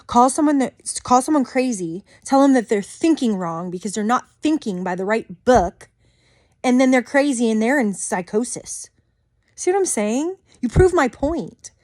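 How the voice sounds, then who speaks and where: Woman vlogger, angry rant, swearing, higher voice, dry close sound. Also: lively intonation, darkish tone, dry recording. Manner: heated, swearing, rapid swings in intensity.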